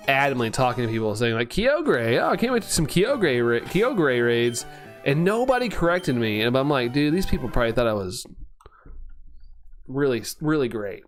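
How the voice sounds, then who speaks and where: A young man streaming, chatting casually and playfully, rambling, tripping over words and laughing at himself. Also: mid-range voice. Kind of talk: casual live-stream chat.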